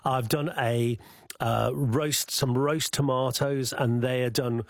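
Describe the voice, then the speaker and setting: A man with a Scouse accent, a chef guest chatting casually about cooking on the radio, halting with many fillers and restarts. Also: mid-range voice, fairly even intonation, no room sound, studio quality.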